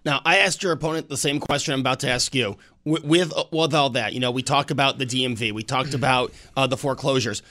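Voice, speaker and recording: Guy interviewing a candidate, slow careful questions, sharp bright voice. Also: medium pitch. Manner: measured, halting questions.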